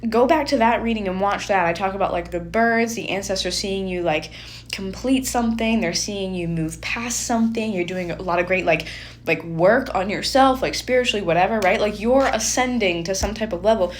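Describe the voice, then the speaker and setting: A woman's voice: medium pitch, normal speed, slight background noise. Chatty young woman giving a tarot reading. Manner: chatty and animated, heavy "like" fillers. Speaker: tarot reader. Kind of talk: casual spoken tarot reading.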